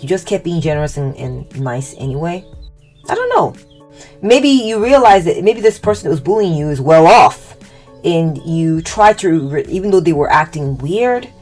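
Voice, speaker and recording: Speaking in a low, slightly mellow voice, a woman offers a loose, hesitant tarot reading. She restarts thoughts, leans on fillers, and plays out what others might have said.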